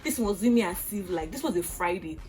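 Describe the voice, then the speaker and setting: A young Nigerian woman with a Nigerian accent, telling a storytime vlog in an animated, exasperated way with acted-out outbursts. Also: lowish voice, brisk, soft background music. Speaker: vlogger.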